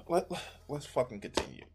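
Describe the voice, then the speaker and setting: A man's voice: mid-range voice, huge pitch swings, measured pace, background noise. A man reacting to a debate clip on his stream, exasperated and swearing often, talking back at the speakers. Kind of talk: casual reaction commentary.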